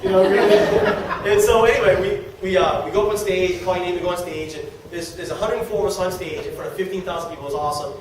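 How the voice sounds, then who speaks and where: A middle-aged man giving a motivational talk to a live audience about network marketing, excitable, repeating words and laughing as he talks. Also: high voice, rapid-fire, hardly any pauses. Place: meeting room with an audience. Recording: echoey room, distant mic, background noise.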